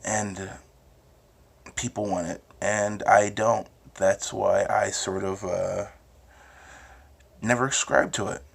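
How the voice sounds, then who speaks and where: A man's voice: lowish voice, fairly even intonation, slow, vocal fry, pauses often, slightly rough. Profane rambling New Jersey guy. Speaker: host. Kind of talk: casual monologue with frequent swearing.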